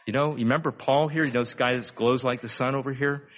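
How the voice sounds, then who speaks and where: A man's voice: mid-range voice, fairly even intonation, quick pace, hardly any pauses, fairly bright tone. An older man delivering a sermon in an easygoing, conversational way. He poses frequent rhetorical questions and stretches out key phrases for emphasis. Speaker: pastor.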